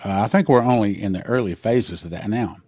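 A man's voice: on the low side, brisk, mellow. Male host, emphatic and preachy, reads prophecy passages and stresses the numbers. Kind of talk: reading and commenting on prophecies.

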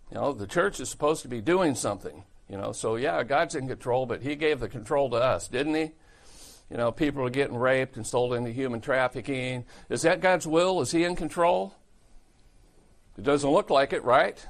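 Gravelly-voiced pastor preaching folksy and blunt. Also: male voice, mid-range voice. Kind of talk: sermon.

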